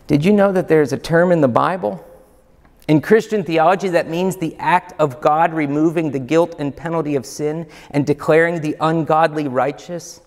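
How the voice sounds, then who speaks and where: Male pastor, high pitch, unhurried emphatic sermon delivery, hall reverb. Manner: emphatic, rhetorical questions.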